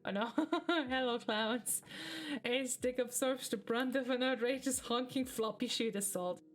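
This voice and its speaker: A woman's voice: on the high side, unhurried, soft background music. A woman streamer casually reading a webcomic aloud, breaking off now and then to laugh and react with swearing.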